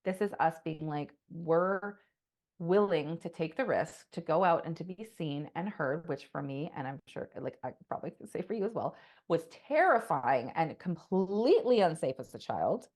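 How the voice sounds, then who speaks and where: A woman's voice: deep voice, animated, normal speed, darkish tone. Fired-up profane woman podcaster. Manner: passionate, profane, rambling with many "like"s. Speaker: podcast co-host. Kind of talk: casual podcast monologue.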